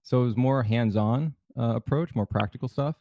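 A man's voice: medium pitch, moderate pace, dark tone, no room sound. A man hosting a podcast in a casual, easygoing way, with lots of fillers and restarts. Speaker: podcast host.

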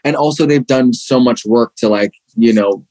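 A man's voice: mid-range voice, normal speed. Chatty man telling rambling stories. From Pittsburgh. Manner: rambling, animated, many fillers and restarts. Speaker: actor guest. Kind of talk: casual interview chat.

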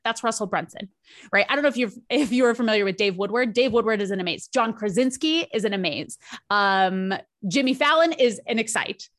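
Woman, animated and dramatic, slightly high voice, interview guest. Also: moderate pace. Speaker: charisma coach. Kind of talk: podcast interview explanation.

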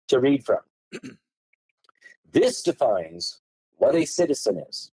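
A man's voice: mid-range voice, very animated, takes it slowly, pauses often, dark tone, husky, no echo, low-quality recording. A man as a podcast guest, explaining legal texts and reading them aloud, stressing key words with marked tone changes. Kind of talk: explaining law in a podcast conversation.

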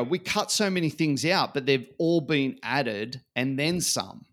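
Animated man telling stories. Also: medium pitch. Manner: animated storyteller acting out quotes. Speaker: guest. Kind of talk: casual podcast conversation.

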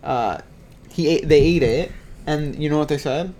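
A man in casual podcast banter, pressing his argument and restarting his sentences. His voice sits fairly high. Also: normal speed, darkish tone. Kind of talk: casual chat.

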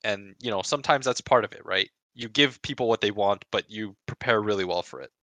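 Man, casual podcast storyteller, energetic ranter, lowish voice with a bright edge, dry booth. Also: fairly quick, no echo, dull audio. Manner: animated storytelling, heavy swearing, rants. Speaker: pro esports player recounting a tournament.

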